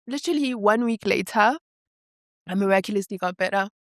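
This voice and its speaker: A woman's voice: mid-range voice, dry recording, clean studio sound. Earnest young woman telling her story. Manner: candid, earnest storytelling with quick laughs. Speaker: guest. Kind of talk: emotional interview.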